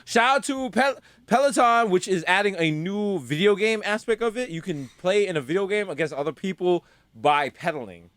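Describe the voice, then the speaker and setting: A man from the Bronx co-hosting a comedy podcast in casual banter. He riffs absurd jokes in a high, bouncy voice. The sound is dry and close. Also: expressive, normal speed, fairly bright tone, no room sound. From the Bronx, New York. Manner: riffing, absurd jokes and mock quotes. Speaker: podcast co-host.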